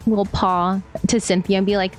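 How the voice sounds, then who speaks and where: A woman's voice: mid-range voice, little pitch movement, brisk, soft background music. A woman playing a tabletop game, chatting and speaking in character between giggles. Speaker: player.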